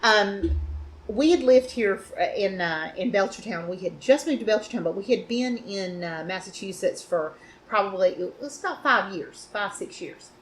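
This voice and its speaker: A woman's voice: mid-range voice, animated. Chatty woman cohost telling stories, lots of mm-hmms, little bit of hiss behind. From North Carolina. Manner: chatty storyteller, quick affirming murmurs. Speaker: podcast co-host. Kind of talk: casual chat.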